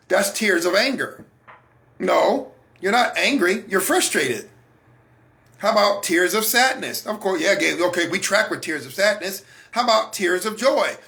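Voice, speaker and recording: A man's voice: sits high, creaky, sharp tone. A man hosting a faith talk broadcast, speaking casually to his audience, with rhetorical questions and frequent restarts. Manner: repeats and restarts words. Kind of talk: casual spoken monologue.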